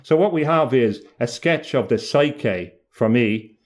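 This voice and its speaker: A man with an ordinary mid-range pitch talks as an interview guest. He thinks aloud, pausing with "uh" and restarting phrases as he works through an idea. The delivery is reflective and unhurried in spirit. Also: animated, darkish tone. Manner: thoughtful, halting, often restarts mid-phrase. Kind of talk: reflective conversational explanation.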